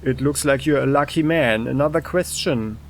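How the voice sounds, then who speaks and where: A man hosting a let's play, giving relaxed game commentary and reading game text aloud. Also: mid-range voice, moderate pace, slight background noise. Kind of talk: casual gameplay commentary.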